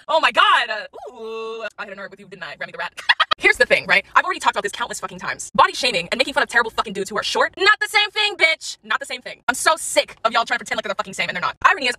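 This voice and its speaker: Brief: woman creator, sassy profane roast-style rant, rapid delivery, audible background noise on the recording. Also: a little high, very animated. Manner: brash, sassy, laughs often. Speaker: content creator. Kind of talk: profane comedic rant to camera.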